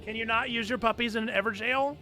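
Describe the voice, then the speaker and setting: A man giving live commentary while he plays a video game on stream, excitable and quick to break into shouts at what happens in the game. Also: very high voice, slight background noise. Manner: excitable, bursts into shouting over game events. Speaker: church gaming streamer.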